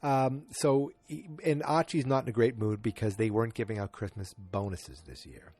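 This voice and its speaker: A man's voice: fairly low pitch, normal speed, darkish tone. A man casually recapping a TV episode in a loose, chatty way. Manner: loose, chatty, breaks into voices of characters.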